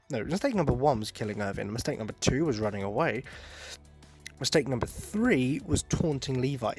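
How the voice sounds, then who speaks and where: A man's voice: medium pitch, husky. Sarcastic man ranting. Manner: sarcastic, profane, exasperated. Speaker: podcast host. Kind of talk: casual podcast rant.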